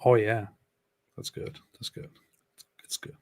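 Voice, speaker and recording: A man's voice: slow pace, dry recording, whispered. A man co-hosting a casual livestream, reading viewer comments aloud with dry sarcasm. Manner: reads chat comments aloud with deadpan sarcasm. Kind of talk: casual live chat.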